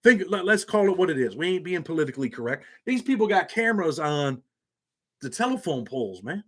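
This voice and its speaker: A man's voice: a little high, big pitch swings, a little fast. A man hosting a casual livestream, talking bluntly in street slang. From New York. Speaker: channel host.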